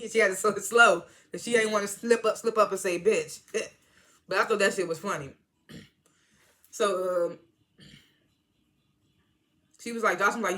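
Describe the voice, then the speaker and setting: Woman, bright voice, casual show recap, slangy, animated, laughs a lot. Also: on the low side, normal speed, pauses often. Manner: animated, slangy, swings into loud excited retellings; frequent laughs and filler words. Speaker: TV show reviewer.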